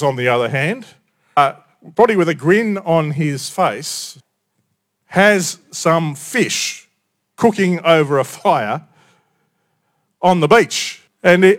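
A man preaching a sermon in a conversational storytelling way, often dropping quiet for emphasis. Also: a little high.

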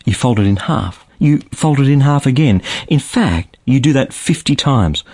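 A man's voice: medium pitch, lively intonation, normal speed, a little mellow. A man giving a short scripted radio devotional, telling it like a story and building to each point with rising emphasis.

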